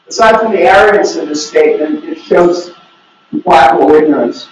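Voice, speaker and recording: A man's voice: sits high, normal speed. A man giving an academic conference talk, opinionated and wry, with joking asides. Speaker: researcher presenting. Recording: echoey room, mic from far off.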